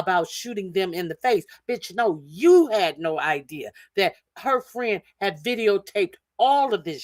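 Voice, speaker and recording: A woman delivers furious commentary on a video, swearing freely and pausing often with uh's. Her voice is recorded dry and close, with no room sound around it. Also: lowish voice, no room sound. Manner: angry, cursing, many filler "uh"s. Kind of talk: heated commentary over a clip.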